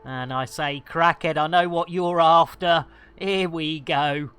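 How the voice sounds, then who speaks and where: A woman's voice: low voice, steady tone, takes it slowly, a bit bright, smooth. A woman chatting playfully and giggling with viewers on a live game stream, speaking into a headset.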